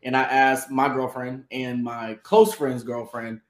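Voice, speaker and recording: A man from Atlanta, co-hosting a live show and chatting in a relaxed, easygoing way. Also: medium pitch, measured pace. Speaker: co-host. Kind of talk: casual live show chat. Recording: roomy echo.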